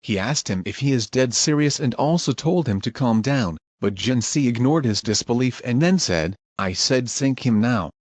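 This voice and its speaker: Man, scripted narration, plain even recounting, mid pitch, dry close sound. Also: moderate pace, few pauses, slightly rough, no echo.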